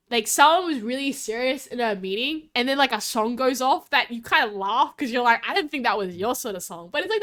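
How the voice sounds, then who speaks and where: Giggly high-voiced young woman streamer. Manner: rambling, giggly, full of "like"; drops into loud whispers. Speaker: vtuber streamer. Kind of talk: casual livestream chat.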